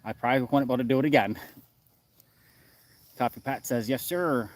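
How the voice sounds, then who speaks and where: A man casually chatting on a live stream from outdoors in the woods, reading chat and speaking in a relaxed way with many filler uhs. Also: medium pitch, brisk, dry recording.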